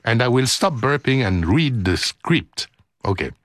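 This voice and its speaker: A man's voice: mid-range voice, measured pace, dry recording. A man hosting a radio music show, joking through outtakes and telling stories with lots of laughter. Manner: jokey, animated, laughing often. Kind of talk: playful outtakes and storytelling.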